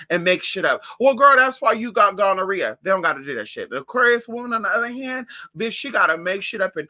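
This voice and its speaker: A man talking in a sassy, profane, animated way in a casual gossip monologue at home. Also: high-pitched, quick pace, few pauses. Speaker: vlogger.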